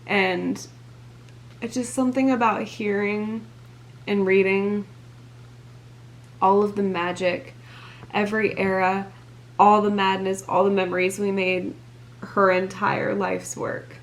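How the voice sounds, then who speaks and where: A woman's voice: medium pitch, a little hiss or hum. A young woman vlogger chatting casually while she crafts, gushing and filling her talk with "like" and sighs. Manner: gushing, filler-heavy, breathy sighs.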